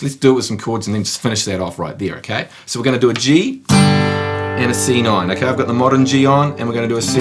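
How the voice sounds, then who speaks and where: A man giving a casual guitar lesson, counting strums aloud and joking with the viewer in a playful, chatty way. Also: fairly low pitch. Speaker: guitar teacher.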